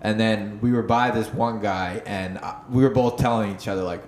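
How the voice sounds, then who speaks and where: A man's voice: on the low side, moderate pace, few pauses. A young man co-hosting a podcast, telling stories in a loose, profane way and laughing often. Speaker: podcast co-host. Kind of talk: casual chat. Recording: roomy echo, faint background noise.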